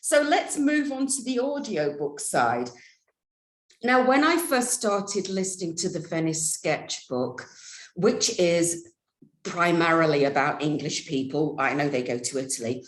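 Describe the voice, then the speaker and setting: A woman host speaks with lively, swooping intonation and effusive enthusiasm, asking questions in a casual chat. Her voice sits a little low and sounds roomy and echoey. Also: measured pace. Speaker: interview host. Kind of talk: casual interview.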